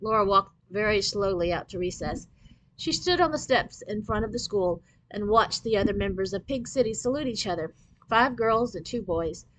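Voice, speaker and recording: A woman's voice: mid-range voice, lively intonation, moderate pace, fairly bright tone, slight background noise, low-quality recording. A woman storyteller reading a children's novel aloud expressively.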